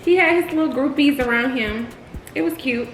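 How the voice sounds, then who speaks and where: A woman's voice: sits high, normal speed. A young woman, chatting casually and playfully while hosting a mukbang. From Texas, United States. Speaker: co-host of a couples channel. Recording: echoey room with faint hum.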